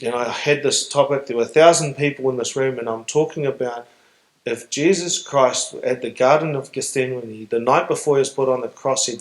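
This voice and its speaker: A man with a New Zealand accent, telling a personal story to an audience in an earnest, halting way with pauses. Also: medium pitch. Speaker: guest speaker. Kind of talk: reflective public storytelling Q&A. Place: stage in a hall. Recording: roomy hall sound.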